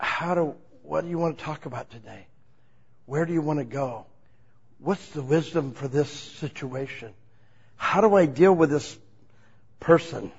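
A man's voice: on the high side, measured pace, gravelly, long pauses, a little mellow, breathy edge. A male preacher delivering a sermon, acting out prayers and God's replies in shifting tones. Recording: dull lo-fi recording.

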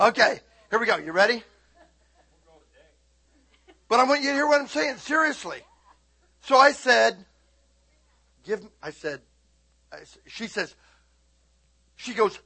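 A middle-aged male preacher telling a story in a lively, animated sermon, often shouting and laughing as he speaks to the congregation. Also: high-pitched, fairly quick, husky.

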